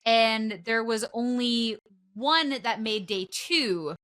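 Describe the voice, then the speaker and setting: Young woman, from Canada, podcast co-host, casual chat, rambling with fillers, bright high voice. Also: slow. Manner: rambling, filler-heavy, trails off quietly.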